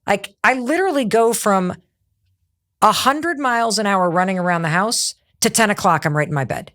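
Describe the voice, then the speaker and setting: A woman's voice: mid-range voice, moderate pace. A woman hosting a podcast, talking with energy and acting out quoted lines. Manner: animated, acts out quoted lines. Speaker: podcast host.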